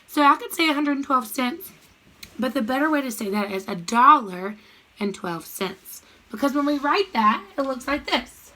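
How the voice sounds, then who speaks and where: Over a computer mic, a woman leads a math lesson for young children. Her bright, slightly high voice moves at a moderate pace, animated and cheerful, with a sing-song lilt and short rhymes she slips in for the class.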